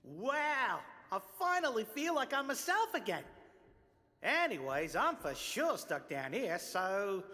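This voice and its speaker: A man's voice: high voice, big pitch swings, slow pace, sharp tone, full character voice. An actor playing a timid, polite male cyclops archaeologist, fretful and apologetic. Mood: cheerful. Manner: fretful and apologetic, British slang. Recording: game audio with long reverb.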